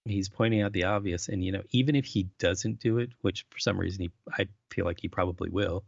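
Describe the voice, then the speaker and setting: Very deep, gravelly man co-hosting a podcast. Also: fast, dry recording, lo-fi sound. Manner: rambling, stammers and restarts, agreeable. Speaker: podcast co-host. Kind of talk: casual conversation.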